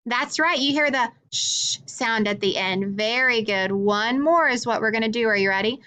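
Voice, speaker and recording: A woman teaching a phonics lesson to young children, speaking slowly and clearly with frequent encouraging praise. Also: a little high, pushed and bright.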